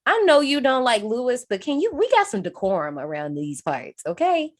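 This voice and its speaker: Animated woman recapping a movie. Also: fairly high pitch, normal speed. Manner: animated, acts out characters' lines, swears freely. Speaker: podcast co-host. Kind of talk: casual movie recap chat.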